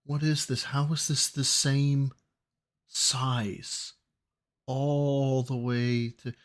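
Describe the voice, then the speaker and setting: A man's voice: mid-range voice, level tone, very slow. A man hosting a casual reaction chat, crude and mocking, with an incredulous tone. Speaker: host reacting to a video.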